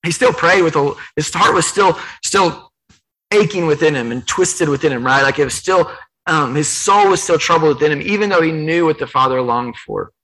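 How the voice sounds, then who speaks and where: Earnest bright-voiced male preacher. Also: fairly high pitch, moderate pace, low-quality recording. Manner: earnest, emphatic, paraphrasing scripture aloud with repetition. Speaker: pastor. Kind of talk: sermon.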